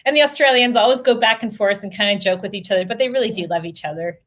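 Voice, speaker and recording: A woman hosting a casual family travel Q&A, chatty and animated, laughing often as she tells stories. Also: medium pitch, quick pace. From Canada. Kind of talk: casual live Q&A chat.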